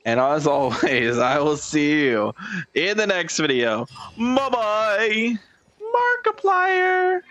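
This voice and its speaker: A man giving casual, joking gameplay commentary, often clearing his throat. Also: mid-range voice, animated, unhurried, a bit bright. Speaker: gaming streamer.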